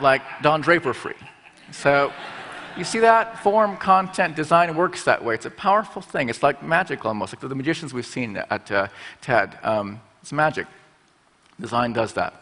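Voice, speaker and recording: A man's voice: a little high, fairly bright tone. A middle-aged man giving a conference talk from a stage, playful, slipping into little put-on voices as he explains. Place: conference stage in a large hall. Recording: large hall with long reverb.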